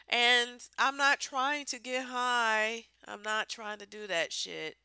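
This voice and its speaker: A woman's voice: fairly high pitch, expressive, slow, hardly any pauses, sharp tone, smooth, no room sound. A woman ranting bluntly into the camera on her vlog, exasperated and swearing freely. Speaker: vlogger.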